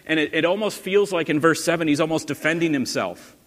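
A man's voice: a little high, a little fast, a bit bright. A male pastor giving a sermon in an earnest, conversational way, asking his listeners questions. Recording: long hall reverb.

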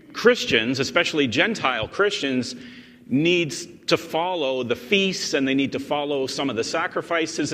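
A man's voice: mid-range voice, sharp tone. A man preaching a sermon as pastor, explaining a text in an emphatic way and often restarting and repeating words. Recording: long reverb in a large hall.

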